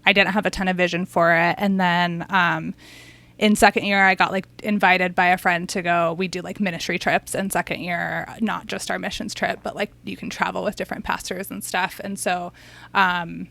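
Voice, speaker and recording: A woman's voice: lowish voice, little pitch movement, moderate pace, gravelly, sharp tone. A woman who works as a therapist, a podcast guest telling her story in a casual, chatty way with lots of fillers and restarts.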